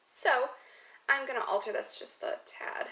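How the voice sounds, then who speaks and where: Slightly slow and sharp-toned, this high-voiced young woman casually explains a recipe in her home kitchen. The cooking vlogger rambles and jokes at her own expense, and the recording is noisy.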